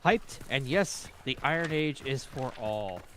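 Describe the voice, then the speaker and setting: A man's voice: mid-range voice, expressive, measured pace, fairly bright tone, slight background noise. A man on a live stream reading viewers' messages aloud in a plain, matter-of-fact way.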